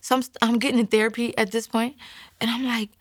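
A woman's voice: on the high side, little pitch movement, fast, no room sound. A young woman telling her faith testimony in an earnest, rambling way, full of "like" fillers and dropping to a whisper when she quotes her own thoughts. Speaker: guest giving a faith testimony. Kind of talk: emotional personal testimony.

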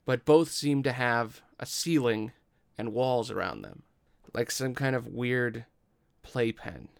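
Game master, male: gravelly, smooth voice, dry close sound, slow dramatic narration. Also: medium pitch, lively intonation, no room sound.

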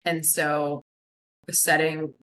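A woman's voice: low voice, little pitch movement, drawn-out words, fairly bright tone, low-quality recording. A woman marketing educator giving advice as a podcast guest, conversational and thoughtful, with many fillers. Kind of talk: casual podcast interview.

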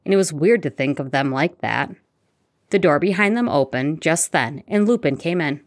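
A woman narrating a fan fiction audiobook in a steady storytelling manner. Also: sits low, normal speed, no room sound, studio quality.

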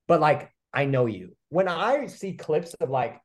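A man's voice: fairly high pitch, very animated, unhurried. A man co-hosting a podcast in casual chat, playful and teasing. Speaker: podcast co-host.

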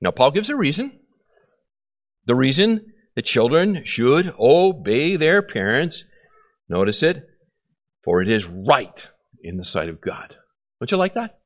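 A man preaching a sermon as a pastor, animated and often acting out short exchanges between children and parents. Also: medium pitch, measured pace, long pauses.

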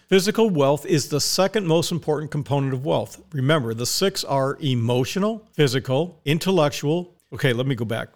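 A man's voice: fairly high pitch, animated, a little fast, few pauses. A tired man hosting a podcast, talking in a blunt, ranting, profane monologue from a recording studio. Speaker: podcast host. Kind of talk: casual monologue.

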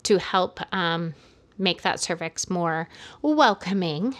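Steady woman co-host walking through steps. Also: fairly low pitch, slow pace. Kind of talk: casual podcast chat.

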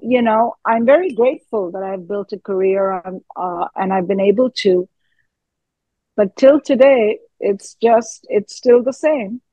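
A woman's voice: mid-range voice, a little slow, dry recording, dull audio. Earnest woman in her fifties, dry close sound. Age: 50s. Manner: earnest, animated, trails off with fillers. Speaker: actress guest. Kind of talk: casual interview chat.

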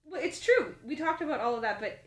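A woman from Canada in casual storytelling chat as a podcast co-host, animated and quick to laugh, acting out quoted lines. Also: high voice, reverberant, crowd noise.

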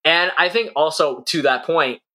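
Young male co-host, bright and clear, thoughtful and rambling, casual chat. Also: on the high side, normal speed. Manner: reflective, many fillers and restarts. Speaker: podcast co-host. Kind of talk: casual conversation.

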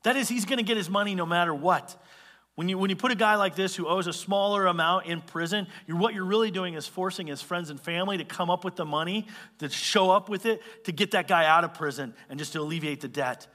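A male pastor preaching a sermon, explaining scripture in an animated, conversational way with quick asides. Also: sits high, long reverb tail. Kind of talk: expository sermon.

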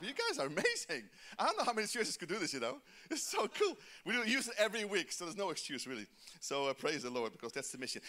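A man preaching a sermon in church, calling the congregation to respond and swinging between loud emphasis and quiet asides. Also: sits high, very animated, fast talker, hardly any pauses. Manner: exhorting the congregation, calls for responses. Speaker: pastor.

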